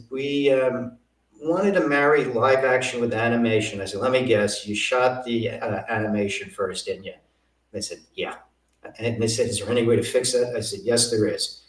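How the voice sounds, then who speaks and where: An older man, a guest in an interview, telling lively anecdotes and acting out what others said. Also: mid-range voice. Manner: animated anecdotes, acting out quoted voices. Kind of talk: storytelling interview. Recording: roomy, from a distance.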